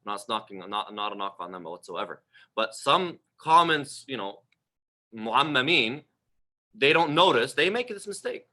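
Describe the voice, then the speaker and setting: A man's voice: medium pitch, sing-song, unhurried, sharp tone. A man giving a livestreamed religious talk in a conversational, emphatic way, asking the audience questions, repeating phrases and letting his voice trail off at the end of phrases. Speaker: religious lecturer.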